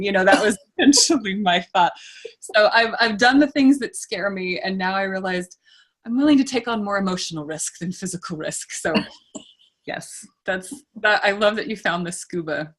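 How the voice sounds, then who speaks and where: A woman author and poet answering interview questions, telling stories in an animated way and laughing often. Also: medium pitch, moderate pace.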